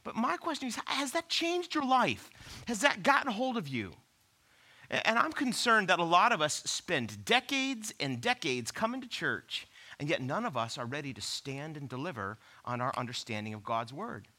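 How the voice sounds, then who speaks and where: Animated man preaching. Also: a little high, moderate pace. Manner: animated, conversational preaching with rhetorical questions. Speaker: pastor. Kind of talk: sermon.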